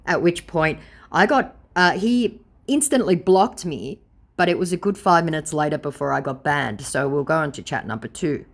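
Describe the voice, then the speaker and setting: A woman's voice: low-pitched, animated, moderate pace, creaky. A woman reading out chat messages in casual commentary, sarcastic and blunt. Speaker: scam baiter.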